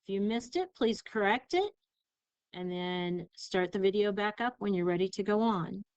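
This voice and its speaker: A woman teacher giving a recorded spelling lesson, sounding out syllables slowly and carefully. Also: medium pitch, animated, a little mellow, clean tone, no room sound, muffled recording. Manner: slow, careful enunciation of syllables.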